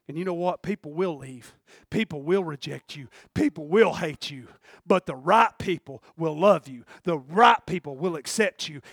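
Preacher guy, really high voice, fervent, goes from shouting to hushed, dry close sound. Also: no room sound. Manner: fervent, swings from shouted bursts to hushed storytelling. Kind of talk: sermon.

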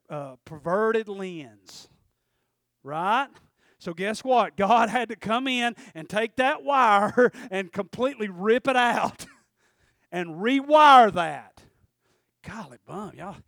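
A man's voice: high-pitched, slow, fairly bright tone, no room sound, clean studio sound. A man preaching a sermon, folksy and fiery, often calling out "Amen?" to the congregation.

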